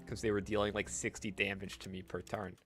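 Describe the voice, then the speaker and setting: A man's voice: fairly low pitch, level tone, brisk, soft background music. A man streaming a retro game live, reading its dialogue aloud and making casual, wry asides to his chat.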